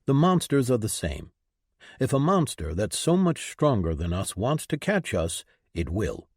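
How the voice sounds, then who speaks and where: A man's voice: mid-range voice, big pitch swings, measured pace, breathy edge, no echo, clean studio sound. A man reading an audiobook, voicing a practical young man who reasons firmly. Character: level-headed young man, firm and practical.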